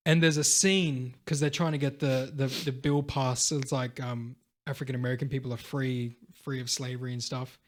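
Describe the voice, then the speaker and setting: A young man co-hosting a casual podcast, retelling film scenes with lots of fillers and bursts of excitement. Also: medium pitch, normal speed, hardly any pauses. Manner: animated storyteller, acts out film scenes, lots of "like" and "dude". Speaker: podcast co-host. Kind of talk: casual chat.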